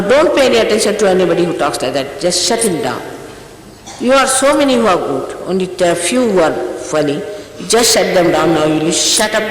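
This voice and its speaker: Older lady teacher telling off her followers, repeats herself, echoey hall, long reverb. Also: on the low side. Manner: scolding, emphatic, repeats herself. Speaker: spiritual teacher addressing followers. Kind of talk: informal exhortation before a ceremony. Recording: echoey hall, faint hiss, old tape.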